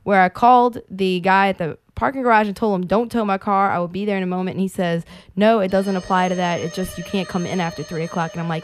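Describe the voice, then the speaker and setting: A woman's voice: medium pitch, quick pace, faint music behind. A woman, co-hosting a podcast and telling casual stories, swearing freely and acting out the people in them. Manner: animated storyteller, swears a lot, acts out voices. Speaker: podcast co-host. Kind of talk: casual chat.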